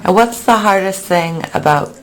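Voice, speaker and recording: A woman interviewing for a documentary, asking short, gentle questions. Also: medium pitch, normal speed, low-quality recording.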